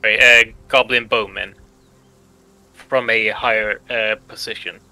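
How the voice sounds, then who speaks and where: A man playing a tabletop game, speaking haltingly with many fillers. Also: fairly low pitch, fairly even intonation, sharp tone, no room sound, soft background music, low-quality recording. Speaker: player.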